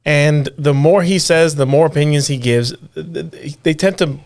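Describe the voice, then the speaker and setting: A man with a somewhat high voice co-hosting a political talk show. He speaks in an animated way and often stammers and restarts his sentences. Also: normal speed. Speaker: podcast co-host. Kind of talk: casual political chat.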